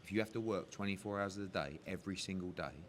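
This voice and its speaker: A man who works as a boxing promoter, talking candidly in a casual interview, animated and swearing freely as he tells stories. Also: low-pitched, quick pace, a little hiss or hum. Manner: animated, heavy swearing, emotional storytelling.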